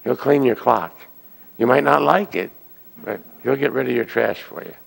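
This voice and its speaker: A man giving a Sunday sermon as a minister, telling stories and acting out the characters' excited voices. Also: mid-range voice, moderate pace, vocal fry. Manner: animated storyteller, acting out excited quoted voices. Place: church hall. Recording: long hall reverb.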